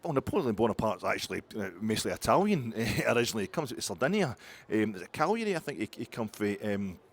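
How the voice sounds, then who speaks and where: A man's voice: fairly low pitch, very animated, fast. A middle-aged man with a Glasgow accent, chatting on his own fan podcast in a rambling, digressive, sweary way. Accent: Scottish, Glasgow. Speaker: podcast host. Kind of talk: solo fan podcast chat. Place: outdoors in the cold.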